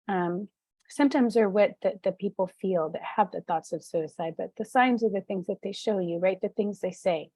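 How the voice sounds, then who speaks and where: A woman speaker tells her own story in an earnest, halting way, filling her pauses with ums. Her voice is mellow and warm, recorded dry and close with no room sound. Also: medium pitch, no echo. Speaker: suicide prevention advocate and speaker. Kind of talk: personal testimony talk.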